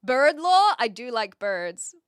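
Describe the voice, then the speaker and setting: A woman streamer chats casually with her audience, musing aloud and laughing easily. Her voice sits a little high and swings widely in pitch. The sound is close and dry. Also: very animated, takes it slowly, smooth, no room sound. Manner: chatty and thinking aloud, laughs often. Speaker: live streamer. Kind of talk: casual live-stream chat, reading chat messages.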